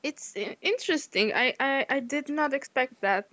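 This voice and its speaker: A woman's voice: high voice, moderate pace, fairly bright tone, dry recording. A woman co-hosting a podcast in casual chat, hesitant, often restarting and searching for words. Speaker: podcast co-host.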